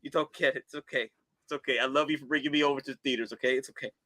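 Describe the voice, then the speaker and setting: A man hosting a casual livestream chat, excitable and animated, often breaking into laughs. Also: mid-range voice, rapid-fire. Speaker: podcast host.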